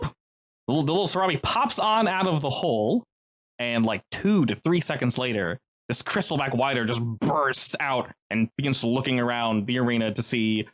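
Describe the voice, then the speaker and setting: A game master runs tabletop combat with jokey asides and a playful streak, the pitch swinging widely from line to line. The voice sits at a middle pitch, and the narration never settles into a flat drone. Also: normal speed.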